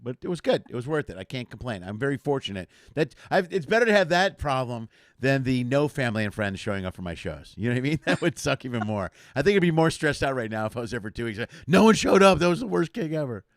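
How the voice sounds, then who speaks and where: A man's voice: mid-range voice, big pitch swings, fast, few pauses, no room sound, clean studio sound. A man from the area, a comedian hosting a casual live chat show and rambling jokily. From Chicago area. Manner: rambling, jokey, self-deprecating.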